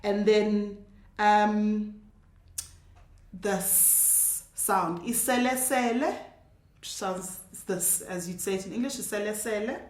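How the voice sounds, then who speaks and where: Woman teacher, casual lesson, models sounds slowly and patiently; mid-pitched, roomy echo. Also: little pitch movement, darkish tone. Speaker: language teacher. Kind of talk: casual spoken language lesson.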